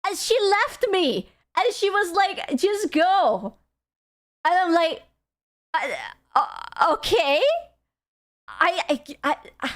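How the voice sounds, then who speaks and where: Young female streamer, high-pitched, animated storyteller who laughs and cusses. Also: slow pace, dry recording, studio quality. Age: young adult. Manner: animated, laughs often, swears freely. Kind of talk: casual storytelling to chat.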